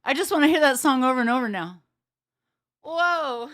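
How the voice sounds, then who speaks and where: A woman bassist hosting a livestream, chatting casually with her viewers, excitable, laughing often and swearing mildly. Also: normal speed, loud music behind the voice.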